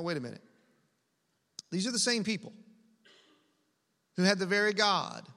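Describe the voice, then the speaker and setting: A man preaches in a lively, conversational way, throwing asides to his listeners. His voice sits high and sounds bright and forceful. The sound carries a long reverb from a church hall. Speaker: pastor. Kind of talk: sermon.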